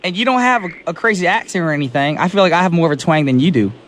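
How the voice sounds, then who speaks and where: Fast-talking young male radio DJ. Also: a little high, slight background noise. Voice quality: hoarse, recovering from sore throat. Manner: energetic, chatty, laughs easily. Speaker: radio DJ host. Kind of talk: casual radio chat. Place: radio studio. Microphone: studio microphone.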